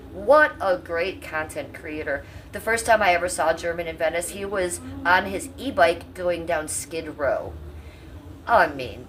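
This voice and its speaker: A woman's voice: lowish voice, a bit bright, far from the mic, low-quality recording. Chatty fifty-something woman livestreaming. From Cleveland, US. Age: 50s. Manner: chatty, salty, talks to chat. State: coughing. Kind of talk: casual livestream chat. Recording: voice a bit off-mic, faint room hum.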